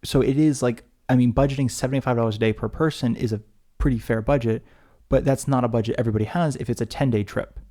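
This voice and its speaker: Fast-talking joking man, mellow voice. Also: medium pitch. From United States. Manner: animated, joking, rambling with restarts. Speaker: podcast co-host. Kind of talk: casual chat.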